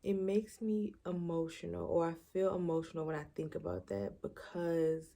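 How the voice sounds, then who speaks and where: A woman's voice: on the low side, normal speed, creaky, dark tone. A young woman chatting casually to her camera before bed, reflective and emotional, often searching for words. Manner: reflective, searching for words, many fillers and restarts; emotional, near tears at times. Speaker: vlogger. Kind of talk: casual late-night vlog chat. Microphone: camera mic.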